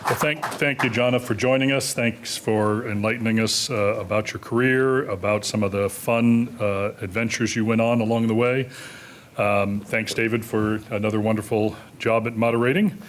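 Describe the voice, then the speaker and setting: A man's voice: lowish voice, fairly even intonation, normal speed, a little hiss or hum. Man making hesitant closing announcements. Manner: hesitant, many filler words. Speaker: event host. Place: auditorium.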